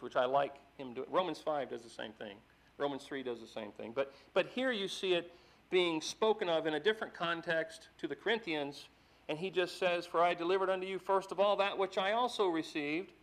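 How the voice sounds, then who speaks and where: A man preaching a sermon, reading scripture slowly with rising emphasis. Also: on the high side, a bit bright, low-quality recording. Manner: emphatic, slows down and rises when reading scripture.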